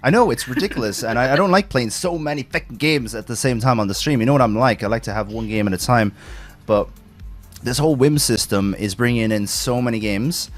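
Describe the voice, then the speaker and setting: Male podcast host, mid pitch, loose rambling delivery with frequent laughs, casual swearing. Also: fairly quick, soft background music. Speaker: streamer host.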